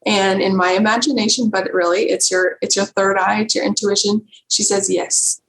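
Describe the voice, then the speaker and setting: A woman guest on a podcast, telling a personal story in an earnest, emotional, halting way. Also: medium pitch, steady tone, a bit bright. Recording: roomy echo with faint background noise.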